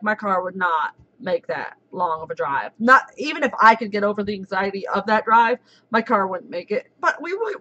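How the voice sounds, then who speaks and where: Giddy high-voiced woman in her thirties. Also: lo-fi sound. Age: 30s. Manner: giddy, giggly and excitable. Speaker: livestream host. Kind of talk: casual live chat.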